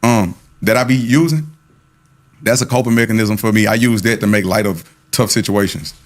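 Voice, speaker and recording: A man's voice: lowish voice, normal speed. A man in a casual chat, boastful and playful, tossing in rhyming lines. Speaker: guest in a played clip.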